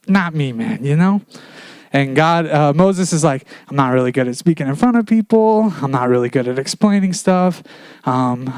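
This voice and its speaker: A man gives a laid-back sermon and retells old stories in plain, slangy talk. His voice sits a little high and comes across smooth and crisp. The sound is close and dry, with little room echo. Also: darkish tone. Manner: casual storytelling, retells scripture in slangy paraphrase. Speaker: preacher. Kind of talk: casual sermon. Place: church.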